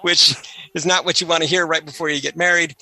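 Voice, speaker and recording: On a commentary track for an old film, a talkative man trades trivia and stories in a relaxed, easygoing manner. His slightly high voice sounds bright and forward, holding a steady tone while he talks in rapid-fire bursts.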